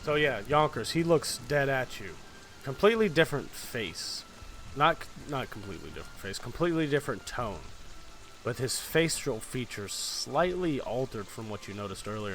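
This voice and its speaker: A man's voice: mid-range voice, sing-song, moderate pace, a bit bright. A man running a tabletop game as game master, narrating in a loose, casual way with lots of fillers and swearing. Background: faint fantasy music and rain.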